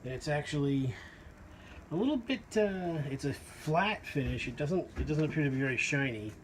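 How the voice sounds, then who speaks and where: A man's voice: fairly high pitch, animated, normal speed, slight background noise, low-quality recording. Rambling man showing off an old fan. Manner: rambling, hesitant, lots of fillers. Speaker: vintage fan collector. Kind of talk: casual show-and-tell narration. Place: porch at home.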